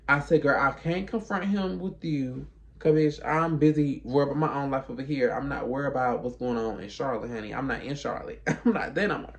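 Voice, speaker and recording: Sassy, gravelly man telling a story. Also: mid-range voice, a little fast. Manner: sassy, emphatic, acts out both sides of conversations. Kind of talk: casual storytime monologue.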